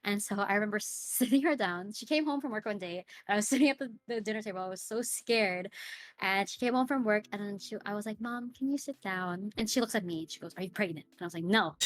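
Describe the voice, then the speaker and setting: A young woman, a streamer and podcast guest, telling a personal story in a casual interview. She fills her talk with "like" and "right?" and acts out the lines of the people in it. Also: medium pitch. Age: young adult. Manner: chatty, fills speech with "like" and "right?".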